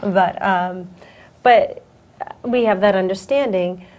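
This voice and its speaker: A young woman hosting a casual talk show, animated and laughing, acting out little quoted lines. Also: medium pitch, slow pace. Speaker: host. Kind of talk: casual chat.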